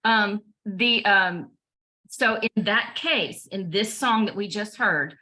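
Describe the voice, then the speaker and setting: A woman with a bright, forceful voice speaks up on a video call during a training session. She works her question out aloud, pausing on ums and uhs as she goes. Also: mid-range voice. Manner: thinking aloud, hesitant fillers. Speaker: trainee adjudicator.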